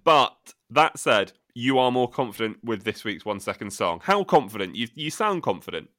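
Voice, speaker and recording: A man's voice: mid-range voice, big pitch swings, normal speed, sharp tone, no echo, studio quality. A man co-hosting a podcast, teasing and upbeat in casual chat. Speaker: podcast co-host.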